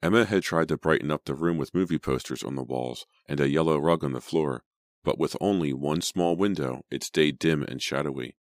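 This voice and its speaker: A man narrating a teen horror audiobook in a steady, dramatic storytelling manner. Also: very deep voice, a little fast, no echo, clean studio sound.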